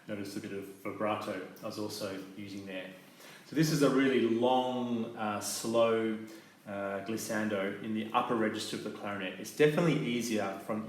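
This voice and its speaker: A man explaining clarinet techniques in a calm, methodical teaching manner, with soft fillers between his points. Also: on the low side, normal speed. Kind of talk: instructional demonstration. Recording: very echoey room with faint noise.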